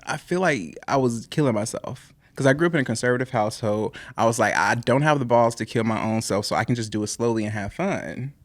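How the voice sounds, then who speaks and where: A man's voice: medium pitch, fairly quick, hardly any pauses, dry recording, clean studio sound. A young man telling a personal story in a casual podcast chat, rambling and laughing often. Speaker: podcast guest.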